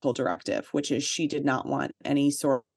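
A woman's voice: very deep voice, fairly quick, gravelly, a little mellow, breathy edge. A woman co-hosting a podcast, telling a personal story in casual chat, with chatty "like" fillers and emphatic asides. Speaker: podcast co-host.

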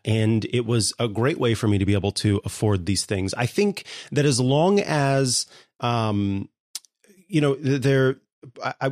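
A man with a lowish voice hosts a casual podcast chat, thinking aloud with plenty of ums and uhs. The sound is dry and close to the mic. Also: no echo. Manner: thoughtful, many ums and uhs. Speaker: podcast host.

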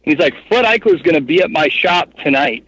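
A man in his thirties telling a long story as a guest in an interview, rambling and animated, with lots of fillers. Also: on the high side, a little fast, slightly rough, dull audio. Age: 30s. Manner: rambling, animated, heavy with fillers like "like" and "you know what I mean". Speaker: guest, hunting guide and cameraman.

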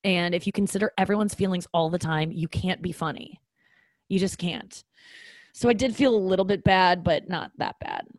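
A woman in her thirties with a lowish voice, talking straight to her listeners in a loose comic monologue. She is frank, self-mocking and profane, full of ums and restarts, and sounds close and dry with no room echo. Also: big pitch swings, moderate pace. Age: 30s. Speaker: comedian hosting a podcast. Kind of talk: casual comedic monologue.

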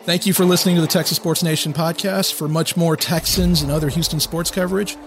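A man hosting a sports podcast, asking questions in a measured, conversational way. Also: fairly high pitch, steady tone, soft background music. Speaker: podcast host. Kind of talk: podcast interview.

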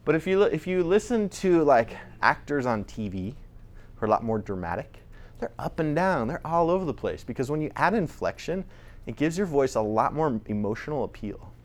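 A man's voice: fairly high pitch, very animated, a little fast. A man presenting at a conference, talking conversationally with frequent restarts. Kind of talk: conference talk.

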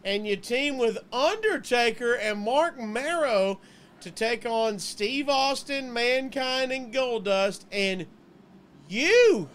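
High-voiced man reading an upbeat ad. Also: animated, slow pace, a bit bright. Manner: upbeat pitchman, joking. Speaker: podcast co-host. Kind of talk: casual chat, live-read ad.

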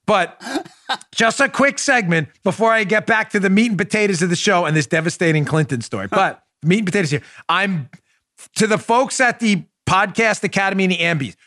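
Excitable male podcast host, dry studio. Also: high-pitched, fairly quick, no room sound. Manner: excitable, mock-pleading, jokey. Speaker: political talk show host. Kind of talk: animated podcast monologue.

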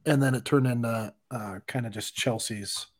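A man co-hosting a podcast, talking in a relaxed, casual way. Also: medium pitch, normal speed. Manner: relaxed, reacts with laughs and short replies. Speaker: podcast co-host. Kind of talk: casual chat.

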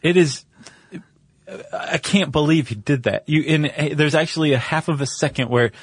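A man's voice: fairly high pitch, moderate pace, breathy edge, dry recording, clean studio sound. A man co-hosting a podcast, telling stories in an enthusiastic, conversational way. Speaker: podcast co-host. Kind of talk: casual chat.

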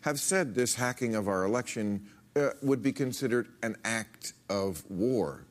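Sarcastic male host with lively pitch. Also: a little slow. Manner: needling, sarcastic, interrupts often. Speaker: talk-show host. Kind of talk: combative interview.

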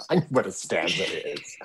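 A man's voice: sits low, sharp tone, a little hiss or hum. A man with a Newfoundland accent, a guest in a casual chat, teasing and dry.

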